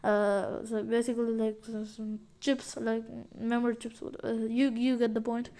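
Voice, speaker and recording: A woman's voice: a little high, level tone, moderate pace, dark tone. A woman giving casual gaming commentary, rambling and hesitant with many fillers and restarts. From India. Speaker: gaming video creator. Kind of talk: casual game update commentary.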